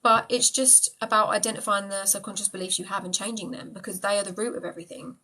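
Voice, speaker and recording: A woman's voice: mid-range voice, fairly even intonation, fast talker, few pauses, pushed and bright, slightly rough, rough recording. A woman talking casually on a live stream as a manifestation coach, chatty and affectionate as she answers viewers' comments.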